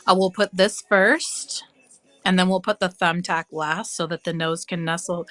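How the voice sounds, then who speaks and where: A woman's voice: on the low side, fairly even intonation, a little slow, a bit bright, dry recording. A woman chatting casually on a live craft stream, cooing and squealing with delight as she works. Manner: bubbly, coos and squeals over her craft.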